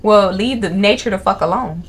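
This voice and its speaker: A woman streaming a horror game, reacting loudly with constant swearing. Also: mid-range voice, moderate pace, husky. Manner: loud, profane, swearing reactions. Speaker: gaming streamer. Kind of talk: horror gameplay commentary.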